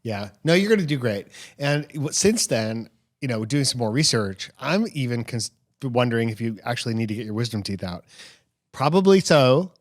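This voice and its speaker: A man's voice: mid-range voice, lively intonation, normal speed. Supportive middle-aged father. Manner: supportive, gently teasing. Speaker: podcast co-host, parent. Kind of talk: casual family podcast chat.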